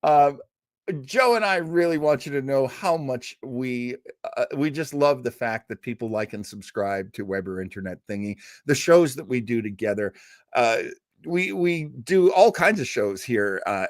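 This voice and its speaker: A man's voice: medium pitch, expressive, moderate pace, no echo, studio quality. A man hosting a live show, chatting casually, reading viewer comments aloud and laughing often. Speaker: host. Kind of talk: casual live-stream chat.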